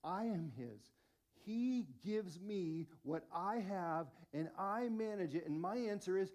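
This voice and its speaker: A man in his forties preaches with a high, lively voice. He tells self-mocking stories with animated energy, in a relaxed sermon style. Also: slow. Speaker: lead pastor.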